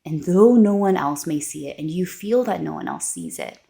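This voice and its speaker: A woman quoting the voice of God, speaking calmly and tenderly in repeated reassurances. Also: on the low side, moderate pace, vocal fry, pitched above the performer's own voice. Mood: reassuring. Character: God, a gentle reassuring divine voice.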